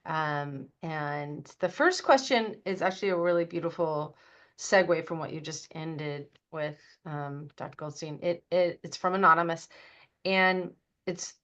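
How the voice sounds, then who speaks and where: A woman's voice: sits low, unhurried, fairly bright tone. A woman moderating a webinar question session, speaking politely. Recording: muffled lo-fi audio.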